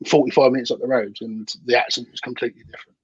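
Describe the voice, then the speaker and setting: A man's voice: mid-range voice, little pitch movement, very fast, slightly rough, no room sound, muffled recording. A British man as a podcast guest, talking casually in plain, matter-of-fact sentences over a remote call. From United Kingdom. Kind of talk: casual chat.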